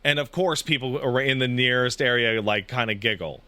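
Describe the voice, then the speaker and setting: Bright-voiced man telling a story. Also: mid-range voice, a little fast, no echo. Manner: animated storytelling, frequent swearing. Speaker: podcast co-host. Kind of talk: casual podcast chat.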